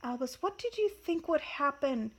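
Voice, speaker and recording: A woman's voice: sits high, expressive, normal speed, pitched above the performer's own voice. A woman reading the lines of a sulky, sarcastic teenage boy wizard in a storybook reading. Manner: sarcastic, mocking.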